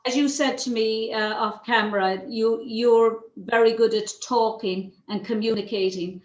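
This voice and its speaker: Irish woman host, rather high voice, rambling chat, roomy echo on the call. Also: steady tone, unhurried, muffled recording. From Ireland. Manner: chatty, many fillers and restarts. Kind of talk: casual interview over video call. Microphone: video call.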